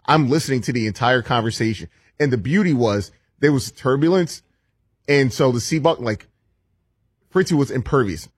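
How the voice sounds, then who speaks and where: A man's voice: medium pitch, expressive, normal speed, slightly rough, no echo, clean studio sound. A man co-hosting a radio show, telling a gossipy, teasing anecdote about a colleague. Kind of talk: casual anecdote.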